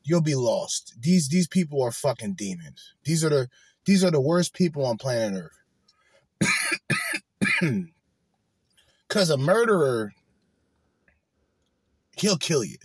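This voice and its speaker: A man's voice: on the high side, sing-song, slow pace, pauses often, a little mellow, slightly rough, no room sound. Profane, blunt man ranting. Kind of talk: ranting commentary.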